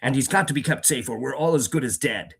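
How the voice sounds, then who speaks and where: A man reading aloud and voicing a scheming male orc soldier who speaks in a gruff, threatening way. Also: mid-range voice, fast, fairly bright tone, voice pushed up. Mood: grim.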